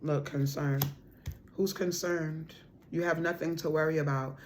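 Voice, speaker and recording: A woman's voice: low voice, a little slow, a little hiss or hum. A woman giving a casual spiritual card reading to her viewers, repeating her points with emphasis and calling the listener boo and honey. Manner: bursts into loud laughter and raised voice when excited.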